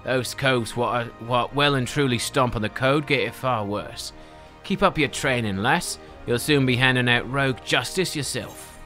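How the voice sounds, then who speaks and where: A man's voice: medium pitch, normal speed, pushed and bright, soft background music, natural voice. A man voicing a jovial, slangy male rogue guildmaster in a video game reading, with a hearty, theatrical delivery.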